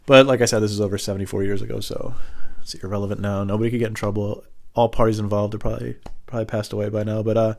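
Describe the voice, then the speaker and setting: A man telling rambling comic stories in a casual monologue, often slipping into high voices for the people in them. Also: flat delivery, rapid-fire, creaky. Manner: rambling, acts out high-voiced phone characters.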